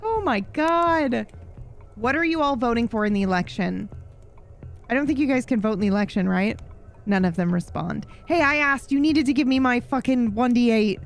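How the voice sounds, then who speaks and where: A woman's voice: on the high side, normal speed, faint music behind. A woman streamer playing through a story game live, reading its text aloud and laughing often.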